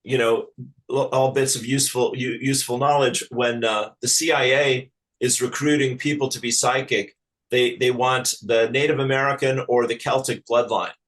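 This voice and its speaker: A man from Ireland, a spiritual teacher talking as an interview guest in a halting, earnest, affectionate way with many restarts. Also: medium pitch, steady tone, a bit bright, rough recording. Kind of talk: casual spiritual interview chat.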